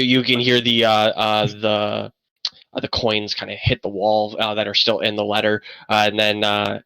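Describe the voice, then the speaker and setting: Male game master, gravelly bright voice, dry close mic, halting narration. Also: lowish voice, completely flat delivery, dry recording, low-quality recording. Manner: halting, full of fillers.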